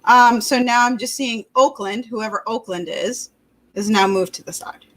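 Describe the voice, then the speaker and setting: Higher-voiced lady on a livestream, chatty, talks to pets and laughs at herself. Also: moderate pace, fairly bright tone, poor audio. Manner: chatty, laughing, self-conscious. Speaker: pet communicator. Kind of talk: livestream talk.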